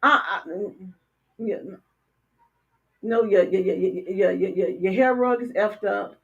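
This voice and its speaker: An older woman co-hosting a casual talk show, blunt and animated, often stammering and repeating words. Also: mid-range voice, a little slow. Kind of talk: casual political chat. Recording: dull lo-fi stream audio.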